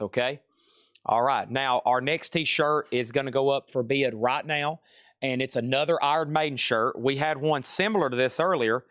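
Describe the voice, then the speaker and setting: A man hosting a live online record sale, calling out items, prices and bidders in quick sales patter, at times dropping to a soft murmur to calm his dog. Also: medium pitch, no echo, studio quality.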